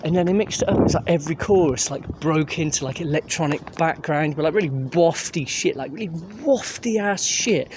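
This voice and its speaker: A young man giving a sweary, animated gig review while out on a street, laughing as he tells it. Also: a little high, a little fast, few pauses. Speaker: music reviewer. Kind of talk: casual ranting gig review. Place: outdoors on a street. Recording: street traffic noise behind. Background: traffic and street ambience.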